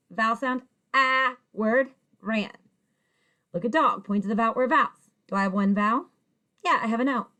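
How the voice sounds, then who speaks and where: A woman's voice: fairly high pitch, fairly bright tone. Encouraging woman teacher sounding out phonics. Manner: encouraging, sounds out words slowly and asks the viewer questions. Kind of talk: phonics lesson for children.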